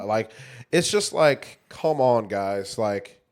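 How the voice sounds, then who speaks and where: A man's voice: medium pitch, sing-song, unhurried, smooth. A man in his thirties co-hosting a podcast, chatting loosely, swearing freely, full of fillers and restarts. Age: 30s. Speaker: podcast co-host. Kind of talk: casual chat.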